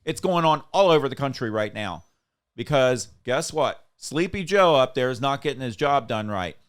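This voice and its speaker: A man hosting a political podcast who rants emphatically and tells anecdotes in casual talk. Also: medium pitch. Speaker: podcast host.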